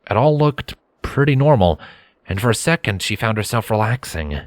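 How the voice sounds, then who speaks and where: Deep-voiced man narrating a story. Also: sing-song, normal speed, dry recording. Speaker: fanfiction reader.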